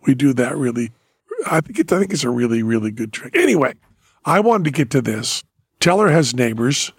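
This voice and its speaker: A man's voice: mid-range voice, sing-song, a little fast, creaky, breathy edge, no echo, clean studio sound. An older man hosting a casual chat, rambling and teasing his daughter. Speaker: podcast host.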